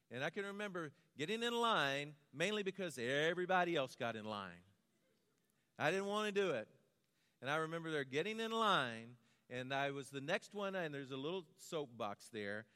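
An American man delivers a sermon, mixing quiet personal storytelling with a rhythmic, repeated closing litany. His voice sits a little high for a man. The sound carries a long hall reverb. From United States. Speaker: preacher.

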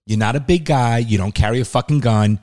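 Blunt, stern father figure; rapid delivery, medium pitch, heavy cursing. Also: a little mellow. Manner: blunt, lecturing, heavy swearing. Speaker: podcast co-host, father. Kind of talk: casual podcast chat.

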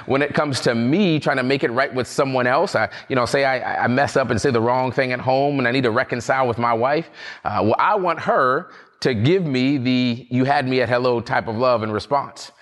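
A man preaching a conversational sermon at a virtual service, earnest and relaxed, with frequent fillers. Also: mid-range voice. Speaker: pastor.

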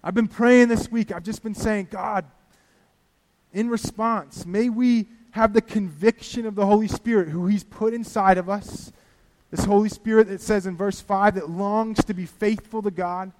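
A high-pitched male preacher delivers a sermon in a lively storytelling way, acting out his own prayers. His voice rings out in a hall with a long, trailing reverb. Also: normal speed. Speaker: pastor.

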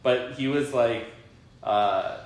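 A man hosting a podcast, chatting casually at a slow pace, rambling with lots of fillers and laughing often. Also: mid-range voice. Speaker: podcast host. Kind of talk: casual chat. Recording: very echoey room, faint hiss.

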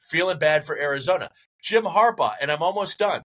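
Male podcast co-host, bright and forceful voice, rambling sports rant with mock outrage. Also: a little high, expressive, brisk, rough recording. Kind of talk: casual sports chat.

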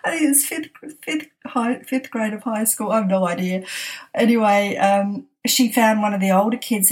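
Middle-aged lady telling a funny family story, keeps laughing, does the voices. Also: mid-range voice. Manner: laughs often while telling, animated quoting. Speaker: podcast storyteller. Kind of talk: casual anecdote telling. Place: at home desk.

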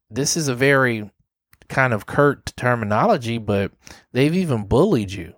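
Male host from Dayton giving an earnest motivational monologue, mid-pitched, recorded dry. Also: clear, resonant tone, no echo. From Dayton, Ohio, USA. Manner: earnest, conversational, acts out quoted people.

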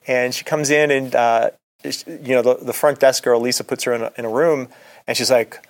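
Middle-aged guy doctor doing his own podcast, chatty and earnest, normal mid pitch. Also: steady tone, a little fast. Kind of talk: casual solo podcast monologue.

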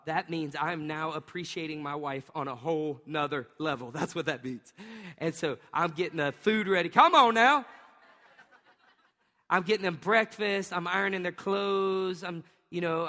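A male pastor with a bright, high voice preaches to a congregation, mixing a lively family anecdote with scripture. He laughs often and acts out sounds as he tells the story. His voice rings out through the long reverb of a large hall. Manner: animated storytelling with bursts of acted-out sounds; laughs often while telling stories. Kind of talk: sermon.

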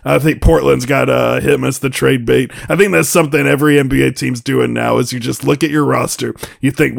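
Gravelly man in casual sports banter. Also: mid-range voice, fairly even intonation, fairly quick, few pauses, no echo, studio quality. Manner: joking, hesitant with many fillers. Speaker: sports talk panelist.

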